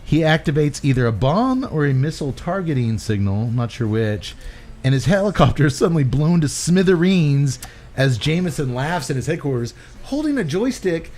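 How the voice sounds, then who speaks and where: His voice sits a little high and his pace is moderate as he hosts a podcast, going over a movie in easygoing conversation. Laughter runs throughout his animated retelling.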